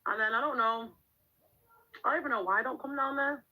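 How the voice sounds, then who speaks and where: Here the same livestreaming mum sounds fairly high-pitched, bright and forceful, talking briskly. She's middle-aged and candid, laughing a lot as she responds to the chat. Poor audio again.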